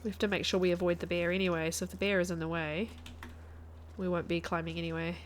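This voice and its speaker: A woman's voice: lowish voice, little pitch movement, fast, slight background noise. A woman, chatting casually to her viewers while playing a game on a live stream and thinking aloud. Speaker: guest streamer.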